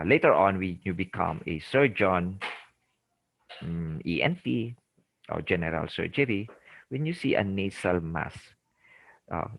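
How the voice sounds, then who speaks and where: A middle-aged man with a Filipino accent delivers a medical lecture in a very low voice. He is didactic, repeating key terms and often checking in with his listeners. The recording is dry and close, with no room sound. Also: creaky, fairly bright tone, no echo, poor audio. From Philippines. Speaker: lecturer, ENT surgeon.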